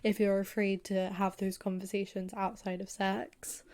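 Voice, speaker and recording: A woman's voice: medium pitch, level tone, normal speed, darkish tone. A woman co-hosting a podcast, speaking frankly and steering the talk with questions and practical tips. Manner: frank, advice-giving, leads the questions. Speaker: podcast co-host. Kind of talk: casual chat.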